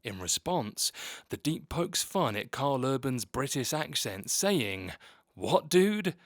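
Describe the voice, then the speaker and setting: Brief: male video-essay narrator, mid pitch, dry booth sound, even scripted read. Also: dry recording. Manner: steady, measured read-through.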